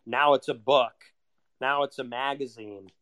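A man's voice: mid-range voice, steady tone, a little slow, a bit bright. A man delivering a heated, sarcastic, profane rant as a solo monologue. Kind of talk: ranting monologue.

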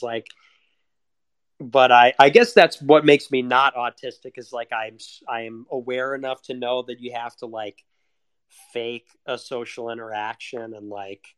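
A man's voice: mid-range voice, a bit bright, clear, resonant tone, dry recording, studio quality. A young man in a casual confessional monologue, rambling and self-deprecating, with frequent swearing. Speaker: vlogger.

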